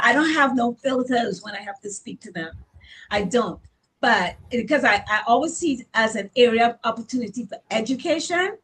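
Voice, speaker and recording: Heard on a low-quality recording, a salon owner from the Caribbean shares candid stories from her life in a mid-range voice. She's blunt and emphatic, and she repeats words to drive her points home.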